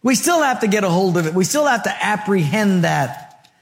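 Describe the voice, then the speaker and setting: Male pastor preaching, high voice, punchy rhythmic lines, good-humored storytelling. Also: big pitch swings, moderate pace. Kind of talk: sermon.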